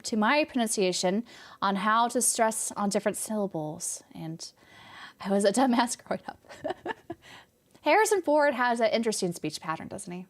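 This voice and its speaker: Her voice runs a bit high as this young Californian, lightly accented, hangs out on a game stream. She fields questions from chat casually, rambling and laughing.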